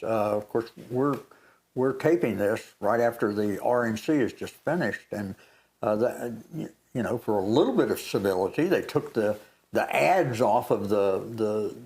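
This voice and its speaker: An older man and grandfather, co-hosting a faith talk show, telling a story in a lively way. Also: fairly low pitch. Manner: animated storytelling, re-enacts moments. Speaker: co-host. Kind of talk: casual chat.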